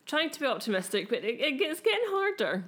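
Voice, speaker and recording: A woman's voice: high voice, big pitch swings, quick pace, fairly bright tone. Teasing, laughing woman podcast co-host. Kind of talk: casual chat.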